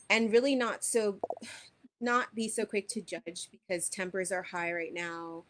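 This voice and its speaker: A woman giving an unscripted spiritual astrology talk, earnest and reflective, pausing often with soft fillers. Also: on the low side. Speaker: wellness teacher giving an astrology forecast.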